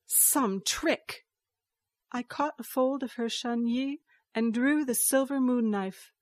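Slow, measured woman storyteller. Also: on the high side, steady tone, a little mellow, no room sound, clean studio sound. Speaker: narrator. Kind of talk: scripted story narration.

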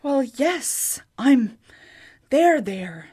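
A woman doing a brisk, impatient farm woman. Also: high voice, big pitch swings, dark tone, husky, pitched above the performer's own voice, full character voice. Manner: brisk, matter-of-fact.

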